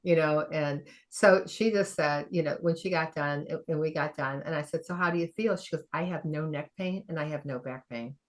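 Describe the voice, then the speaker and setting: Low-voiced woman telling a story. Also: normal speed, hardly any pauses. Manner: animated, acts out quoted dialogue, laughs often. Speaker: functional medicine practitioner, podcast guest. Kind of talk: conversational storytelling.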